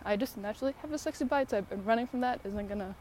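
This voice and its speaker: Woman vlogger, winded and breathy, rambling outdoor walk-and-talk, clear outdoor noise on the track. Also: a little high, racing, darkish tone. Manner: rambling, filler-heavy, frequent laughs. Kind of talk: casual rambling talk to camera while walking. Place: outdoors on a walk, birds about.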